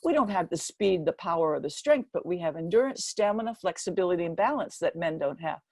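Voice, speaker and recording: An older American woman giving a speech, telling a personal story in a lively way and acting out the quoted voices. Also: a little fast, no room sound. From United States. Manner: lively storyteller, acts out quotes with animated jumps in pitch. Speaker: keynote speaker.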